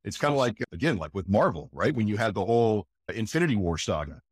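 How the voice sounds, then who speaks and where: A man with a lowish, slightly rough voice talks fast, his pitch swinging widely, in a clean studio recording with no room sound. He's a voice actor guest in a casual interview, enthusiastic and emphatic, often throwing in "again" and "right?".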